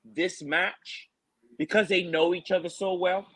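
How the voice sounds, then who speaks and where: A man's voice: high voice, fairly even intonation, unhurried, a bit bright, slightly rough, poor audio. A man co-hosting a casual podcast, ranting animatedly and mocking with laughs. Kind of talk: casual fight-talk podcast chat.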